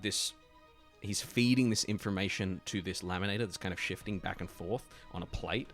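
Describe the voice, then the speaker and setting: A man narrating as game master, describing scenes in a relaxed way with lots of fillers. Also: low-pitched, normal speed, soft background music.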